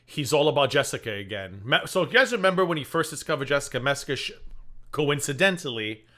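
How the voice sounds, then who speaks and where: A man's voice: mid-range voice, very animated, fast, pushed and bright. A man hosting a livestream reaction show, giving casual, sarcastic commentary with mocking asides.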